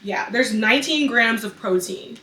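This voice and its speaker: A young woman talks through a shopping haul with big dramatic reactions, her voice sitting a bit high. She is recorded a little away from the mic in an echoey room, with steady noise in the background. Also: normal speed. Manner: dramatic, excitable, chatty. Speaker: vlogger. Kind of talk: casual haul vlog.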